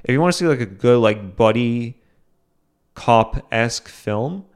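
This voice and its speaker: A man's voice: mid-range voice, lively intonation, a little slow, clean tone. A young man hosting a solo podcast, talking casually and rambling with frequent restarts and fillers. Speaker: podcast host.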